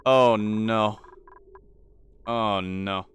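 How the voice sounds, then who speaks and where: This gaming channel host draws out his words with fairly even intonation in a fairly low voice, rambling through his own gameplay in let's-play fashion. Whenever things go wrong he becomes frantic and repeats himself, while a faint hiss lingers beneath.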